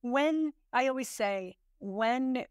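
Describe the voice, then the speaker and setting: A woman's voice: fairly high pitch, lively intonation, slow pace, clean tone, no room sound, studio quality. A woman hosting a podcast interview, upbeat and affirming toward her guest. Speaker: podcast host.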